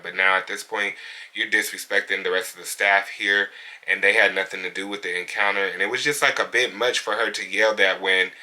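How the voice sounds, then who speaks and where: Bright-voiced man telling a story. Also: on the low side. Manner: candid, conversational, indignant retelling. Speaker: hairstylist and salon owner. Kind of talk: casual storytime vlog.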